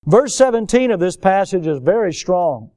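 A man's voice: high-pitched, sing-song, normal speed, dark tone, dry recording, studio quality. A man pastor delivering a sermon in a folksy, emphatic way, drawing out stressed words.

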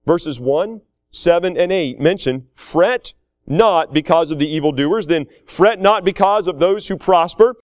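A middle-aged man with a drawl preaches with homespun energy, laughing often and slipping into quoted voices. His voice sits a little high for a man. The sound is dry and close, with no room around it. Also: a little slow, no echo. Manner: folksy, animated preaching with chuckles and acted-out quotes. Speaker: pastor. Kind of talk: sermon.

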